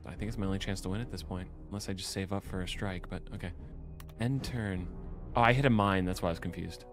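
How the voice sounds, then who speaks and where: A man's voice: sits low, fairly even intonation, quick pace, over music. A man streaming a video game, exasperated and swearing freely at his friend. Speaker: gaming streamer. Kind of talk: casual gaming banter.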